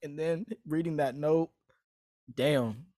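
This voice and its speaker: Young guy rambling on with slang and lots of "like", kinda high voice, dry sound. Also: slow pace, dark tone, no room sound. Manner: slangy, rambling storytelling with many fillers. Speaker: podcast host, aspiring actor. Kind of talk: casual chat.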